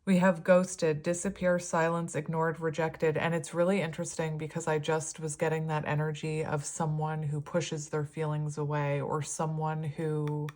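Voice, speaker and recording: A woman's voice: low voice, monotone, normal speed, hardly any pauses, darkish tone. A woman giving a casual, rambling tarot reading, her words slightly slurred. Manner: rambling, chatty, laughs often. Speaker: tarot reader.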